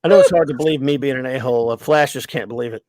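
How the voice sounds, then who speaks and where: A man's voice: mid-range voice, rapid-fire, darkish tone, no room sound. A middle-aged man hosting a casual stream, telling long rambling stories laced with profanity. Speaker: livestream host. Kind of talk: casual chat.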